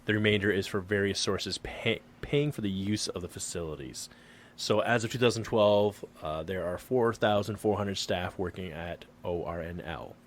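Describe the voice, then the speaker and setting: A man with a fairly low voice co-hosts a casual podcast over a remote call. He reads an article aloud, breaks off to joke, and trips over his own words. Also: moderate pace, a little hiss or hum. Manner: joking, self-deprecating, stumbles over words. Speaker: podcast co-host.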